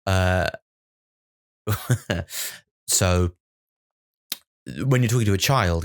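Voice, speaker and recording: Man, comic podcast monologue, sweary, self-mocking, deep voice. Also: lively intonation, unhurried, long pauses. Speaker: comedian podcast host.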